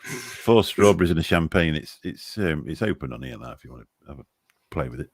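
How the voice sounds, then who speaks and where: A man's voice: rumbling low, animated, brisk, slight background noise. A man chatting as a guest on a live stream, rambling and self-deprecating, with a sarcastic streak. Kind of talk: casual chat.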